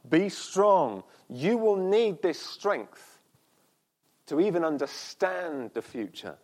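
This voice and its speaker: A man preaching a sermon at a church service, earnest, with pauses and slow, emphatic repeats. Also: fairly high pitch, very animated, darkish tone.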